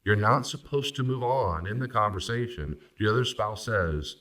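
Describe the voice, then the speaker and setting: A man, a pastor and counselor, teaching on marriage and acting out spouses' lines in quick voices. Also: on the low side, a bit bright, far from the mic. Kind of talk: recorded teaching talk on marriage.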